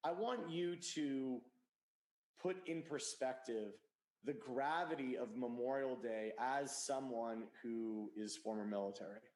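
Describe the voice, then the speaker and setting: A man hosting a live stream, speaking to his co-host in an admiring, deliberate way. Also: medium pitch, darkish tone, roomy sound, poor audio.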